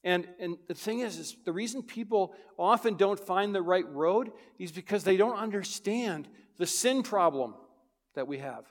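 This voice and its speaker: A man preaching a sermon to his congregation, his voice sitting a little high for a man. He swings between loud urgent lines and hushed ones. A long reverb hangs on every phrase, as in a church hall. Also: animated, moderate pace. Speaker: pastor.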